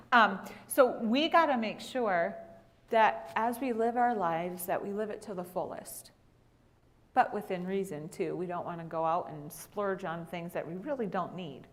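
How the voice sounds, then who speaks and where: A woman teaching a women's Bible class in a church classroom, telling lively stories and acting out what people said. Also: medium pitch, unhurried. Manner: animated storyteller who acts out quotes. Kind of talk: storytelling church lesson.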